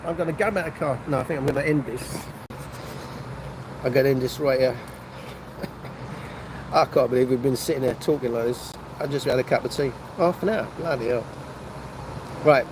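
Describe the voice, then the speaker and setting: A man's voice: medium pitch, moderate pace, long pauses, noisy background. An older man, chatting casually and meandering on a phone livestream from a motorway service station café. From North London. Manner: chatty, meandering, restarts mid-sentence. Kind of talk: rambling casual livestream chat.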